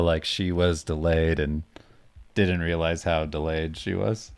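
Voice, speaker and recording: A man's voice: a bass voice, steady tone, unhurried, darkish tone, smooth, no room sound. A man chatting casually with dry, laid-back asides. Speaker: co-host, artist. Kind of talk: casual chat.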